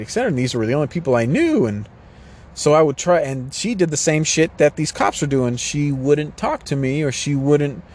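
A man's voice: mid-range voice, darkish tone. A man ranting urgently in a casual, rambling way, swearing often and circling back to repeat his points. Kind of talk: casual rant to camera.

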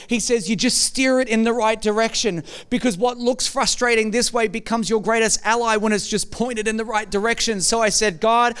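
A middle-aged man delivers a sermon with a high, notably clear and smooth voice. He tells stories in a lively, conversational way, speaking straight to his listeners. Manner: storytelling, shifts to a soft hushed voice when recounting a tender moment. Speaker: pastor.

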